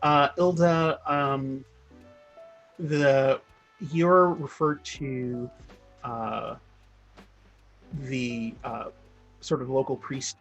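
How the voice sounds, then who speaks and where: A man narrating as game master, halting often with fillers and restarts. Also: mid-range voice, steady tone, vocal fry, fairly bright tone, highs cut off, soft background music.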